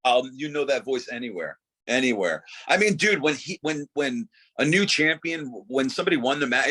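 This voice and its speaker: A man's voice: mid-range voice, expressive, normal speed, few pauses, bright, forceful tone, slightly rough. A middle-aged man, a former wrestler, talking casually as an interview guest in a laid-back way, saying "dude" and "you know" often.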